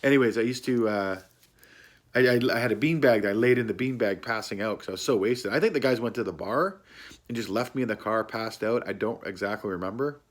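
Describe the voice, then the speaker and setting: A man's voice: lowish voice, fairly quick. A man casually telling a rambling personal anecdote, laughing often and swearing freely. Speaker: storyteller.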